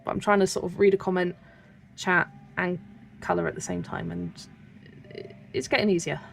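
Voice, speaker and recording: Gravelly-voiced West Country woman chatting. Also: fairly low pitch, level tone, moderate pace, faint music behind. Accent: West Country English. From Wiltshire, England. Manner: chatty, rambling, soft asides while working. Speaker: colouring livestream host. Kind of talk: casual livestream chat while colouring.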